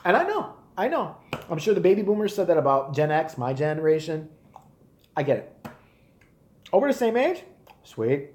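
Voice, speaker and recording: A man in his forties ranting on a live stream, profane and animated. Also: on the high side, roomy sound. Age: 40s. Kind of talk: casual rant.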